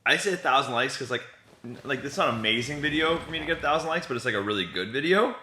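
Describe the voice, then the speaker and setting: Man, casual comedic chat, crude jokes, lively pitch, bright tone, echoey room. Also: a little hiss or hum. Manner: crude, joking, quick to laugh. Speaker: podcast host, magician and comedian.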